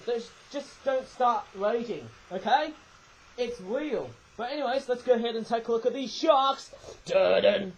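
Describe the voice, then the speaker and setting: A man's voice: sits high, a little mellow, slight background noise, rough recording. A man reviewing toys in a casual vlog, rambling and correcting himself, often tagging his sentences with "eh?". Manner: rambling, self-correcting, frequent tag "eh?". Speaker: toy reviewer.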